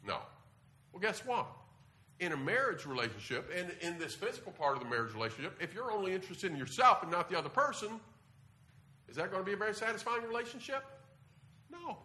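A man preaching a sermon to a congregation in a lively, animated way, often jumping up in pitch to press a point. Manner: lively, animated delivery with sudden jumps in pitch.

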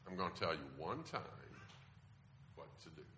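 A man voicing a calm, firm mother. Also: sits low, reverberant, a little hiss or hum, voice pushed down. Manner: quiet, measured, explaining rules. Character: calm firm mother talking to her son.

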